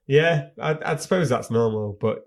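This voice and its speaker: A man's voice: mid-range voice, moderate pace, vocal fry. A British man co-hosting a casual film podcast, chatting about a movie and its scenes. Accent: British English. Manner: chatty, reads out film lines with laughs. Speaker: podcast co-host. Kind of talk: casual film review chat.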